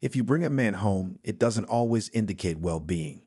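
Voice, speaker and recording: A man's voice: lowish voice, animated, normal speed, warm tone, slightly rough, no room sound, studio quality. A man voicing a pushy, arrogant school psychologist in a read-aloud story.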